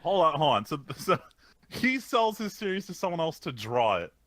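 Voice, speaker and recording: A man's voice: on the high side, big pitch swings, moderate pace, fairly bright tone, dry recording. A man co-hosting a casual podcast, ranting and explaining at length with some swearing. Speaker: podcast co-host. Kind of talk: casual chat.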